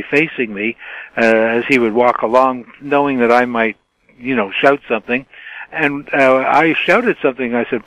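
A man's voice: mid-range voice, no echo, poor audio. Older man telling reporter anecdotes. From Canada. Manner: animated anecdotes with many fillers, mimics his own shouted questions. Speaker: retired TV journalist, guest. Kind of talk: storytelling in a podcast interview. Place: home den.

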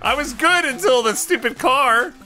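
A man streaming games live, reacting excitably with frequent laughter and shouted yelps at what happens on screen. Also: extremely high pitch, normal speed, soft background music. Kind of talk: live gameplay commentary.

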